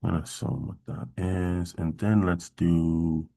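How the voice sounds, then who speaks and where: A man hosting a casual coding workshop, thinking aloud in a halting way with many fillers and mild exasperation. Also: low voice, little pitch movement, vocal fry, dark tone. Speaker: workshop host. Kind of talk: casual screen-share coding walkthrough.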